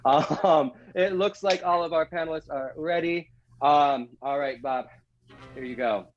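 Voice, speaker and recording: A cheerful male game show host with a slightly high voice who laughs easily between lines. He reads the questions out slowly and clearly for his panel. The audio is a bit dull and lo-fi. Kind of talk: hosting a comedy panel game.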